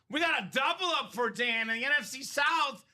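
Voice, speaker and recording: A man's voice: extremely high pitch, expressive, moderate pace, bright, forceful tone. A man hosting a live sports memorabilia break, chatting energetically and rambling through values and asides. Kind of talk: live-stream sales chat.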